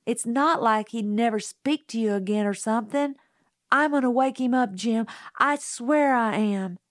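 A woman's voice: on the high side, a little slow, dry recording, studio quality, voice pushed up, close to an everyday voice. A woman voicing an anxious young girl in an audiobook, pleading and pressing hard. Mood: desperate. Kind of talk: audiobook character voice.

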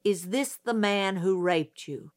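A woman's voice: mid-range voice, slow pace, natural voice. A woman reading an audiobook, voicing a middle-aged male lawyer who questions a witness patiently in a dry, detached way. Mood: measured, persistent.

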